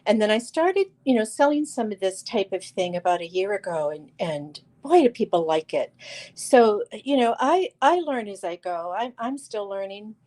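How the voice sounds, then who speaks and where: This live crystal sale host has a mid-range, sing-song voice with a darkish tone and a moderate pace. She talks casually with plenty of fillers and restarts, calling viewers by name while presenting stones.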